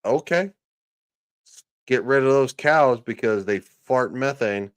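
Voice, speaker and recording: Slow, sarcastic ranting male commentator. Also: medium pitch, clean tone. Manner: sarcastic, profane, mocking. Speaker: political commentator.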